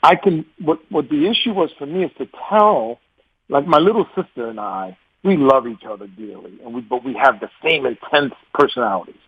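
A man in his forties with a New York accent, a radio guest talking in a casual, animated way, laughing often and repeating words as he restarts. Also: mid-range voice, brisk, slightly rough, no room sound. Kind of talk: casual interview talk. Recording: dull, muffled radio sound, dry.

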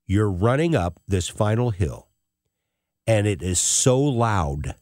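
Emotional storytelling man, low voice. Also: sing-song, takes it slowly, a little mellow, dry recording, clean studio sound. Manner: emotional, tearful. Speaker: host. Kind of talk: personal storytelling.

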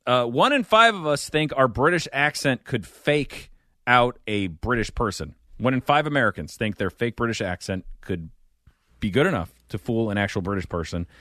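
A man co-hosting a podcast in casual banter, animated and wry, often trailing off and restarting. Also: medium pitch, normal speed, dry recording, studio quality. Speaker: podcast co-host.

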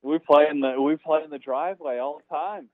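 A man's voice: a little high, fairly quick, dry recording. A young man answering as a guest, easygoing and brief. His voice comes through a slightly dull, muffled line. It sounds close and dry. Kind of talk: relaxed interview answers.

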